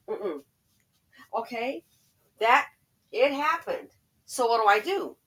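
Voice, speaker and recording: Commentary host: preachy woman, slightly high voice, dry close sound. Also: animated, moderate pace, a bit bright, dry recording. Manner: preachy, emphatic, repeats phrases. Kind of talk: casual commentary monologue.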